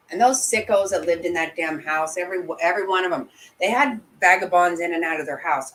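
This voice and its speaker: A woman's voice: on the low side, a bit bright, rough recording. A woman hosting a casual livestream, answering chat bluntly and indignantly, swearing freely. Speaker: livestream host reading chat.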